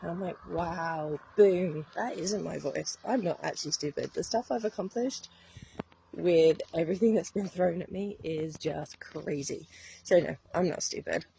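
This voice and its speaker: Gravelly, low-voiced woman. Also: a little slow, dark tone, slight background noise, low-quality recording. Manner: chatty, earnest, laughs often. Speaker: wellness coach. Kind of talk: casual talk to camera.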